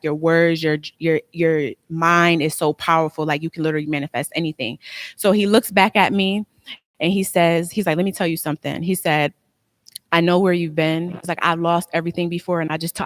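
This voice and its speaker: A woman's voice: on the low side, dry recording. A young adult woman, a tax business owner, telling a personal story in an interview, earnest and emotional, with many "like"s. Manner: emotional, earnest, heavy use of "like".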